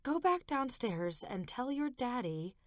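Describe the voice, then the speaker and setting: A woman voicing a young mother who speaks softly and carefully, gently anxious. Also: fairly high pitch, sing-song, measured pace, dry recording, studio quality, pitched above the performer's own voice. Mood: gentle. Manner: soft and careful.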